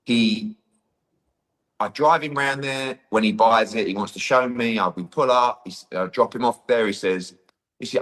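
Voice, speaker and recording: A man's voice: mid-range voice, normal speed. A middle-aged man, a boxing promoter, telling a story in an interview and acting out the dialogue. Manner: animated, acts out quoted dialogue, says "blah, blah, blah".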